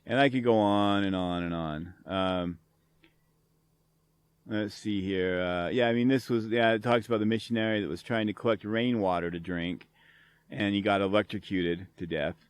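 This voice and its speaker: A man's voice: lowish voice, normal speed, smooth, no echo. A middle-aged man hosting a show, ranting angrily and sarcastically with lots of swearing as he reads and answers comments. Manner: angry, profane, sarcastic ranting. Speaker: podcast host.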